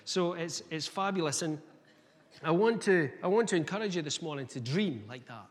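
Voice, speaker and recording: A man delivers an energetic sermon in a slightly higher voice. He talks conversationally, asking rhetorical questions. His words trail off into the long reverb of a hall. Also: normal speed. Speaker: guest preacher.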